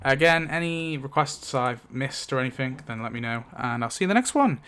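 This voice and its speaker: A man's voice: mid-range voice, animated, brisk, fairly bright tone, smooth. A man hosting his video, casually narrating a story rewrite decided by dice rolls, rambling with lots of fillers and little chuckles. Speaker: YouTube host.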